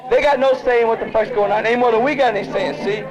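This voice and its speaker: A man's voice: very high-pitched, rapid-fire, highs cut off. A man arguing heatedly and profanely on the street, talking over the others and insisting on his point. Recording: voices of a crowd around, 1960s film sound.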